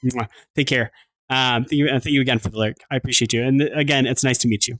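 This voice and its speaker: A man's voice: medium pitch, steady tone, quick pace, fairly bright tone, dry recording. A man from Southern Pennsylvania chatting casually on a livestream at home. He restarts his sentences, swears casually and thanks his viewers.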